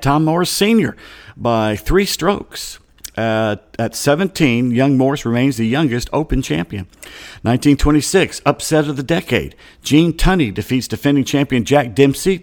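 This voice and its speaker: A man hosting a sports talk show, reading off sports history in a conversational way with offhand asides. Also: medium pitch. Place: Atlanta studio.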